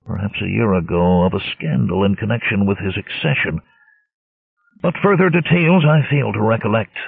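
Man doing a slow, musing old priest-healer. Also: fairly low pitch, creaky, breathy edge, dry recording, full character voice. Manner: measured, archaic, musing. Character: old pondering priest-physician, slow and learned. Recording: tinny lo-fi narrowband audio.

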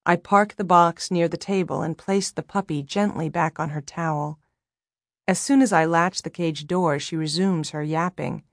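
A woman's voice: low-pitched, steady tone, moderate pace, dry recording, studio quality. Wry woman narrating an audiobook. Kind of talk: first-person novel narration.

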